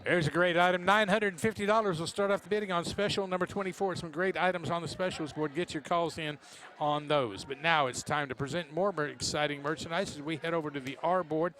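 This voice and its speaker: A man hosting a live televised auction, upbeat and brisk as he announces minimum bids and hands off to the next segment. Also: fairly high pitch, fairly even intonation, a bit bright, soft background music. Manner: upbeat, quick to hand off to segments. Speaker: auction host.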